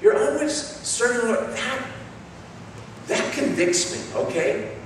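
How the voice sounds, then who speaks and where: A male pastor preaching a sermon, telling stories in an animated, self-mocking way. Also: very high-pitched, slow, a little hiss or hum. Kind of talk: sermon with humorous storytelling. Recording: echoey hall, mic far off.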